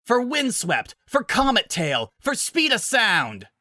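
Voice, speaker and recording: A man voicing a brash, tough young heroine fighter who shouts fierce battle cries. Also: very high voice, wildly swooping pitch, takes it slowly, dry recording, studio quality, voice pushed up, exaggerated voice.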